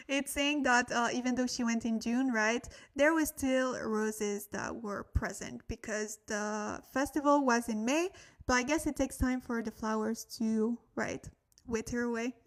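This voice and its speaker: A young woman, a little tired, hosting a chatty language-study livestream, thanking viewers and laughing at her own slips. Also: fairly high pitch. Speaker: Korean language livestream host. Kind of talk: casual livestream teaching.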